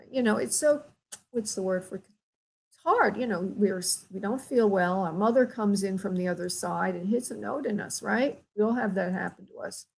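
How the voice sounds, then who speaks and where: With a husky, mid-range voice and some vocal fry, a woman medium runs a call-in radio show at a moderate pace on a low-quality recording. She offers gentle, loving readings, calling callers sweetheart and honey.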